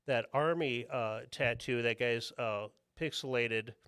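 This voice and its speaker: A man's voice: mid-range voice, a little slow, fairly bright tone, smooth, no room sound, studio quality. A man, a tattoo artist guest, talks casually on a podcast, rambling and peppering his stories with "dude" and "you know what I mean.".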